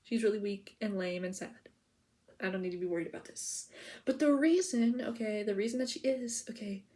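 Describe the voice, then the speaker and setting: A woman vlogger with a medium-pitched, warm voice talks briskly to the camera. Her POV chat is casual, rambling and giggly, peppered with "like" and "okay?" while she info-dumps.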